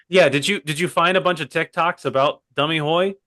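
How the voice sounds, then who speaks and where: A man's voice: fairly high pitch, sharp tone, no room sound, clean studio sound. A young man co-hosting a casual comedy podcast, rambling from one digression to the next. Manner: rambling, digressive, keeps saying "by the way". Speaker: co-host.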